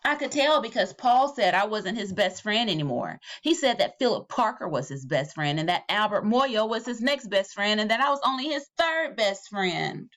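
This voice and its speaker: Reading aloud from a children's picture book, a female teacher tells the story with lively animation and a low drop on the recurring refrains. She speaks at a normal speed with hardly any pauses.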